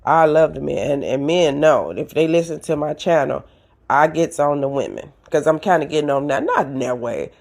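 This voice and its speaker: A seasoned woman hosting an advice podcast, talking straight to her listeners in an animated, preachy way. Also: sits low, normal speed, gravelly. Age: older. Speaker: podcast host. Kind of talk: casual advice talk.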